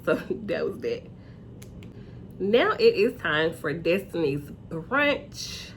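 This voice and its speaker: Animated woman recapping a reality show. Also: slow pace, slight background noise. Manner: chatty, animated, acts out quotes in high voices. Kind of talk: casual episode recap.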